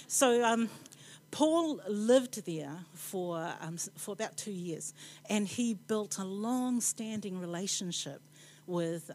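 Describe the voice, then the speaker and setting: A woman's voice: mid-range voice, slight background noise. Chatty New Zealand woman preaching. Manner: rambling and playful, with asides and quick laughs. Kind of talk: chatty conversational sermon. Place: church.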